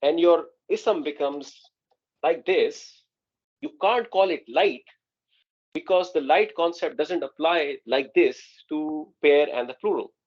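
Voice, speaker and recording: A man's voice: on the high side, slow, dull audio. A man teaching an Arabic grammar class online, explaining patiently and often checking that students follow.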